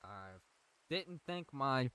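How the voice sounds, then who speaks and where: A man's voice: medium pitch, very animated, slow pace, pushed and bright, clean tone. A young man co-hosting a podcast in casual chat, teasing and drawing out his stories. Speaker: podcast co-host.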